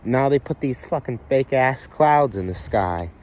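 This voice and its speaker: A man's voice: medium pitch, animated, a little slow, a little mellow. Rambling man vlogging outdoors. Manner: rambling, profane, repetitive restarts. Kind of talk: conspiracy monologue.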